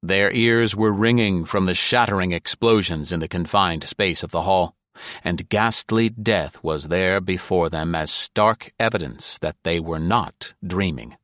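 A man reading an adventure novel aloud as narrator, measured and dramatic. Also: low-pitched, a bit bright, no room sound, studio quality. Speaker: audiobook narrator. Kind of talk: scripted narration.

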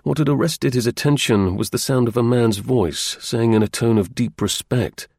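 A man reading a historical novel aloud as an audiobook narrator, with measured, dramatic storytelling. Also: medium pitch, gravelly, a little mellow, breathy edge, no echo, studio quality.

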